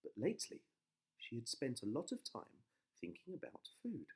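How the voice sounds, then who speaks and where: A father reading a bedtime story to his daughter, soft and expressive. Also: medium pitch, husky. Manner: slow, soft, animated storytelling.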